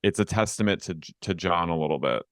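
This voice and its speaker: Deep, smooth-voiced gossiping man. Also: lively intonation, fast, fairly bright tone, no echo, studio quality. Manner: rambling, filler-heavy, gossipy. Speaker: podcast co-host. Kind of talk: casual reality-TV recap chat.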